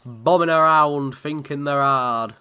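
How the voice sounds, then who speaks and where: A man's voice: a little high, slow pace, pushed and bright, smooth. A man from commentating on a video game in a chatty, sweary way, often laughing. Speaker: gaming channel host.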